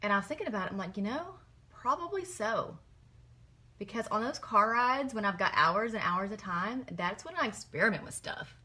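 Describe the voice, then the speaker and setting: A woman's voice: medium pitch, quick pace, few pauses, bright, forceful tone, slightly rough. A middle-aged woman, chatting through a makeup tutorial in a gushing, rambling way. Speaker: makeup vlogger.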